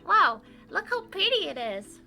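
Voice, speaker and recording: Brief: a gushing young girl for a game, very high, sing-song. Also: very animated, unhurried, creaky, pushed and bright, faint music behind, exaggerated voice. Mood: awed.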